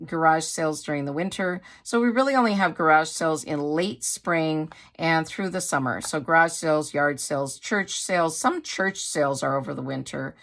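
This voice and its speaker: A middle-aged woman from Wisconsin talks to her viewers in a rambling, gushing way. Her is clear, and her voice sits a little low. She sounds like a casual craft-haul vlog. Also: moderate pace, few pauses, fairly bright tone. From Wisconsin, USA. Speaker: craft vlogger. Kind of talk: casual haul chat to camera.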